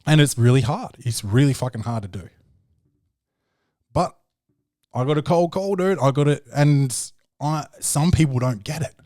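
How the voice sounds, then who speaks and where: Swearing podcast host, slangy. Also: male voice, mid-range voice, moderate pace, long pauses. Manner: swearing, slangy, animated storytelling. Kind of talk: casual profane monologue.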